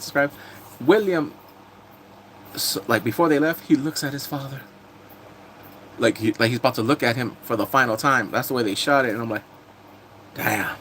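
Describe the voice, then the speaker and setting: Guy streaming, recapping tv, laughs a lot, keeps saying welcome in, bit of noise behind. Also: medium pitch. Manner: animated, laughing, greets viewers often. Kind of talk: casual live-stream chat.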